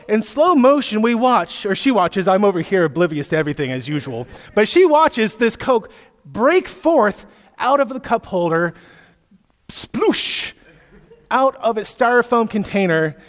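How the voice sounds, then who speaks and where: A man in his thirties, a pastor giving a sermon, telling stories with lively asides to his listeners. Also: sits high. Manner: storytelling with animated asides to listeners. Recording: echoey hall, long reverb.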